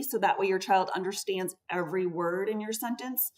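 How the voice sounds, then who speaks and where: Woman, speech therapist, conference talk, mid pitch, patient explaining, mic a bit far off. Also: normal speed. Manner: patient, explanatory, stresses key words. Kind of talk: conference presentation. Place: conference room. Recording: voice picked up from a distance.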